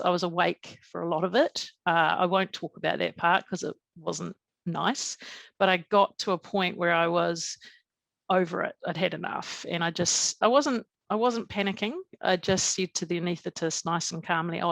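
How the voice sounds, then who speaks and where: A woman guest on a podcast telling her own story in a calm, matter-of-fact way, with many soft fillers. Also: lowish voice, moderate pace, creaky, no room sound. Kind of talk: personal storytelling.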